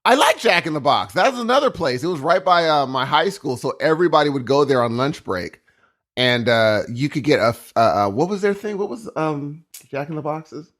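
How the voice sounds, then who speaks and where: A man's voice: a little high, very animated, brisk, a bit bright. A young man co-hosting a podcast, rambling in casual chat and acting out little voices. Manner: rambling, jokey, acts out voices. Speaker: podcast co-host.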